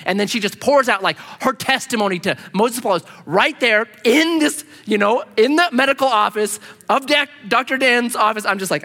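A man preaching a sermon as a pastor, telling stories with lively, acted-out voices. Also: high-pitched, brisk, hardly any pauses, long reverb tail. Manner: animated storytelling, acting out quoted voices.

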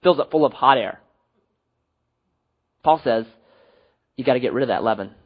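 A man preaching a sermon as pastor, animated with sudden drops to quiet. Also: medium pitch, moderate pace, highs cut off.

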